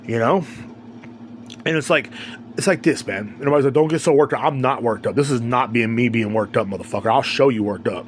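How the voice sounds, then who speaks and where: A man's voice: mid-range voice, brisk, slight background noise. A man hosting a podcast, ranting alone in a heated, rambling, profane way. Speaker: podcast host. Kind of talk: casual ranting monologue.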